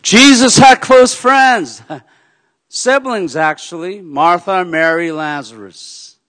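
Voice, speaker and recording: A man preaching a sermon, dropping to a hush and then rising to loud, emphatic peaks. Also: sits high, takes it slowly. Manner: swings from hushed to loud and emphatic. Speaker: pastor. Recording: long hall reverb.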